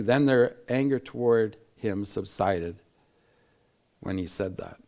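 A man preaching a Bible teaching in an animated way, laughing and acting out quotes, with frequent restarts. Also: on the low side, takes it slowly. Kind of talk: sermon-style Bible teaching.

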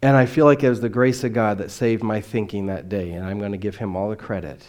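A man giving a sermon as a missionary speaker, telling a personal story earnestly and swinging from loud emphatic lines to quiet, dropped endings. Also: lowish voice, steady tone, quick pace.

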